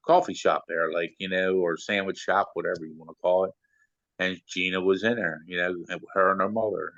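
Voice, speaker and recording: Speaking in a low, slightly bright voice, a Maryland-born older man who works as a sound engineer rambles through casual stories as an interview guest, leaning heavily on "you know." The sound has no echo, though the high frequencies are cut off.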